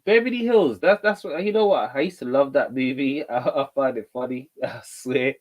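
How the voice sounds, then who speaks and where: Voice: mid-range voice, moderate pace, lo-fi sound. A battle rap channel host doing reaction commentary, teasing and repeating catchphrases.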